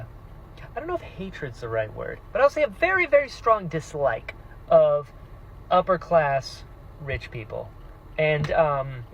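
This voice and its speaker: A man excitedly talking through his reactions to a fantasy novel in a casual vlog, jumping into quick put-on voices for characters. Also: high voice, lo-fi sound, slight background noise. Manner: excitable, animated, mock-voicing characters. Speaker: book vlogger.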